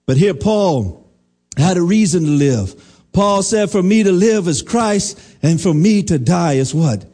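A man's voice: high voice, expressive, unhurried, dark tone, soft background music. A middle-aged man preaching a sermon as pastor, asking the congregation questions and calling for responses.

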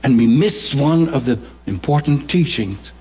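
A man's voice: mid-range voice, expressive, a little slow, a little mellow. A Bahamian man preaching a sermon, swinging his voice widely for drama and humor while he explains a scripture passage.

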